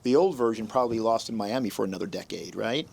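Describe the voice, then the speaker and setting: A man hosting a podcast, telling personal stories in a casual, animated way and acting out what others said. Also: lowish voice, fast, creaky, very noisy. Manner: animated storyteller, acts out quotes in raised voices. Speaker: podcast host.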